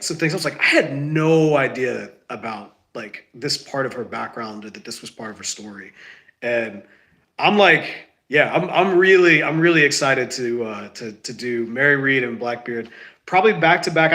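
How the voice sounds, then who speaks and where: A man's voice: mid-range voice, sharp tone. Stuffy-voiced man hosting a podcast. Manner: rambling, self-correcting, says y'all. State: sick, stuffy, lost sense of smell. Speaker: podcast host. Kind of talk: casual solo podcast chat.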